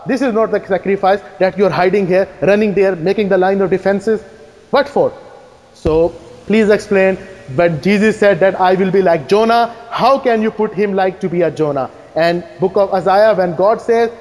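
A man giving a fast, insistent debate rebuttal, firing challenging questions at his opponent. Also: high voice, a little mellow. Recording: echoey hall reverb.

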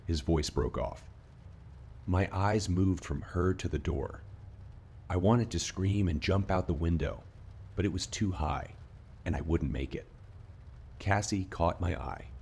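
A man reading a scripted horror story in a steady, measured narrating voice. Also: deep voice, slight background noise. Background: faint rain ambience.

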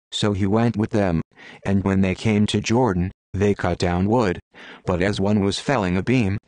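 Deep-voiced man reading scripture. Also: a little mellow, no echo. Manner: measured, solemn King James reading. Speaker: Bible reader.

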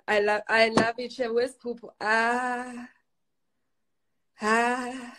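Slow-talking young woman chatting on a livestream. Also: a little high, flat delivery, a bit bright, slight background noise. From Kenya. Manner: chatty, reads comments aloud, laughs often. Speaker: livestreamer reading comments. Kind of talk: casual live-stream chat.

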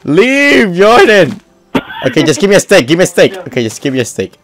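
A man hosting a game session, laughing a lot, yelling and joking with friends. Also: high-pitched, huge pitch swings, a little fast. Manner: giggly, yelling, chanting moo. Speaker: gaming host. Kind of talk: excited gameplay chat with friends.

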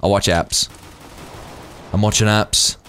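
A man's voice: on the low side, slow, slight background noise. A man commentating his gameplay casually, exclaiming and yelping whenever things happen. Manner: excitable, yelps and exclaims during play. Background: game gunfire.

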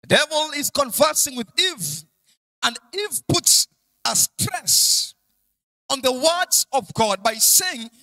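Young Kenyan preacher, sing-song emphatic sermon delivery, a high, bright voice. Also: male voice, big pitch swings, unhurried, poor audio. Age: young adult. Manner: sing-song, emphatic, repeats key lines.

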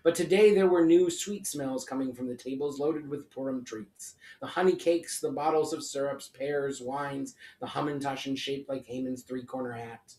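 A rabbi reading a children's story aloud in an expressive storytelling manner. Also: male voice, mid-range voice, moderate pace, few pauses, far from the mic. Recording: echoey room, off-mic.

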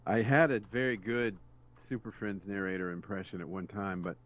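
A man chatting as a guest co-player over a game, lively and jokey, now and then putting on silly voices. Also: on the low side, normal speed. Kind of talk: casual gameplay chat. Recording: muffled lo-fi mic with faint hum.

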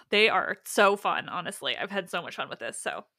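A woman's voice: on the low side, lively intonation, moderate pace, pushed and bright, no room sound, clean studio sound. A woman in her thirties hosting a podcast, chatting casually and ranting with enthusiasm, sometimes swearing. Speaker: podcast host.

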